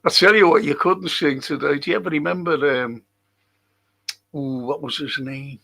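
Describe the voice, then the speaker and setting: A man's voice: fairly high pitch, moderate pace, gravelly, bright, forceful tone. A man, a historian hosting a live stream, chatting casually and joking as he greets viewers by name.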